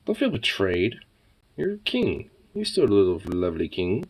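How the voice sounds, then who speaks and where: This man's fairly low, breathy-edged voice swings hugely in pitch at a normal speed. Talking to his cats at home, he teases them with mock insults and curses, then turns to cooing baby talk.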